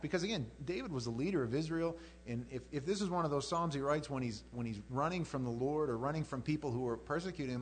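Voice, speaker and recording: Male preacher, casual verse-by-verse teaching, very expressive pitch, dramatizes the text. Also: brisk, slight background noise. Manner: animated, acts out scripture, chuckles. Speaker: Bible teacher. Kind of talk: informal sermon, verse-by-verse teaching.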